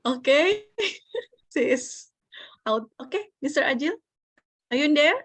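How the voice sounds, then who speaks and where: A woman's voice: high-pitched, unhurried, no echo. A woman moderating a casual online discussion, laughing often as she passes questions along. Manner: friendly, laughs often, relaxed. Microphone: video call.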